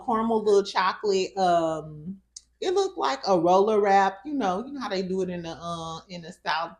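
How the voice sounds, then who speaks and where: A woman with a St. hosting a casual recap of a reality show, sassy and profane, laughing often. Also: medium pitch. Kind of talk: casual reaction commentary.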